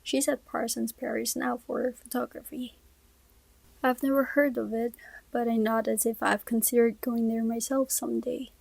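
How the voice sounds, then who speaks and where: A woman reading a first-person novel aloud, soft-spoken and often sinking to a whisper, close to the mic. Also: a little high, little pitch movement, normal speed, gravelly, dry recording, low-quality recording. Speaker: audiobook reader.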